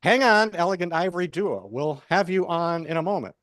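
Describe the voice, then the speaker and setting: A man hosting a cafe open mic, making announcements with lots of halting fillers. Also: high-pitched, expressive, a bit bright, no echo, studio quality. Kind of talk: event announcements. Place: small cafe.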